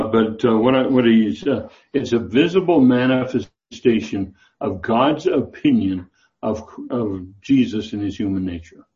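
A man's voice: mid-range voice, mellow, dull audio. A man teaching a Bible class, talking in a loose, discursive way with many fillers and restarts.

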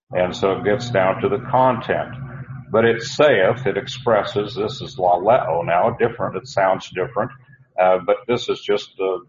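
Deep-voiced guy teaching bible verses, lots of uhs and restarts, kinda muffled lo-fi sound. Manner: halting, with many restarts and uhs.

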